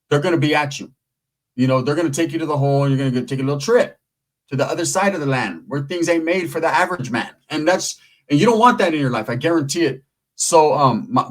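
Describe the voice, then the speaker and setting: A middle-aged man rambling through a profane, streetwise story while vlogging. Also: a little high. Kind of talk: casual storytelling to camera.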